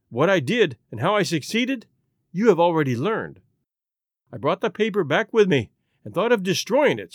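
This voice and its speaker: A man reading the part of a distressed aristocratic young wife, confessing her secret in an earnest, halting way for an audiobook. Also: a little high, breathy edge, no room sound, clean studio sound.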